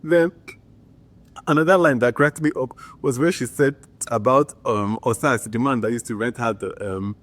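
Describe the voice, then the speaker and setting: A man's voice: medium pitch, normal speed, a bit bright. A man chatting enthusiastically in a casual movie review, filling his talk with "like". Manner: chatty and enthusiastic, with frequent filler "like".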